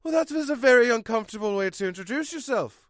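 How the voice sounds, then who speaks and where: A man voicing an excitable little boy hero in a silly homemade story. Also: very high voice, fast talker, dry recording, studio quality, pitched above the performer's own voice. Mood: flustered.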